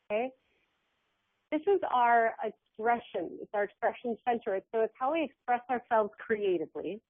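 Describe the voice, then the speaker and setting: A woman giving a webinar talk as an energy healer, animated and acting out the words of her clients. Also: on the high side, dry recording. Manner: animated, acts out quoted clients. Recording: phone-like webinar audio.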